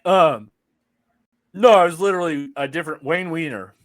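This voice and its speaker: Man, podcast co-host, slightly high voice, bright and forceful tone, swears a lot, teasing and sarcastic, casual banter. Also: normal speed, no echo. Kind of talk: casual chat.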